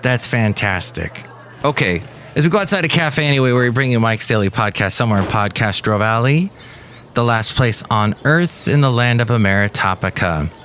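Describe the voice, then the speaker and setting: A male podcast host runs through the news in a comedic monologue, breaking off for puns and silly asides. His voice is mid-pitched and ordinary, and faint noise hums underneath. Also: animated, normal speed, a bit bright. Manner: goofy, punning, playful asides.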